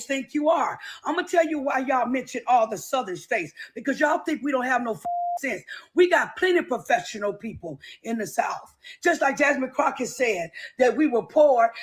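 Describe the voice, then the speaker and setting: A woman's voice: high voice, low-quality recording. Angry ranting woman commentator. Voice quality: angry, blunt, insulting. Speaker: political commentator. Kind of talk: angry political rant.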